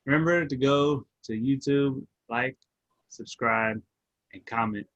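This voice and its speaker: A laid-back male co-host signing off a podcast in a halting, casual way. His voice sits mid-range and sounds dry and slightly dull. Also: mid-range voice, a bit bright, no echo.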